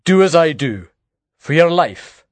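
A man's voice: a little high, very animated, a little slow, no room sound, voice pushed up. A man reading aloud and voicing a terse outlaw who talks in clipped, urgent commands.

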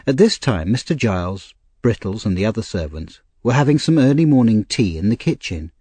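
A male narrator reads a classic story with a lively, rising and falling delivery. His voice has a slightly husky grain, and it is recorded close and dry with no room sound. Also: fairly low pitch, brisk, dry recording. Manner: expressive, clear storytelling. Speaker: audiobook narrator.

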